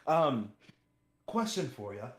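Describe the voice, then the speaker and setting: A man's voice: mid-range voice, big pitch swings, takes it slowly. A man playing a tabletop game, talking in a rambling, playful way. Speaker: player. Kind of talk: casual tabletop role-play. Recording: echoey room.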